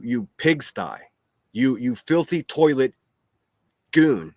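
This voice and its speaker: A man's voice: medium pitch, no room sound. Profane, combative man with dry sound. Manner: combative, heavily profane, mocking insults. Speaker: solo livestream podcast host. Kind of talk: ranting commentary reacting to clips.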